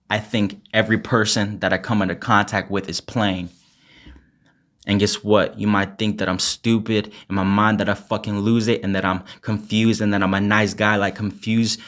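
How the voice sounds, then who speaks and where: A young man with a somewhat low voice spits an a cappella freestyle. His delivery is intense and angry, heavy with swearing, and he later chats casually to his followers. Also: fairly bright tone. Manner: intense and angry in the verse, chatty and laughing in the outro; swears heavily. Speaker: rapper and poet.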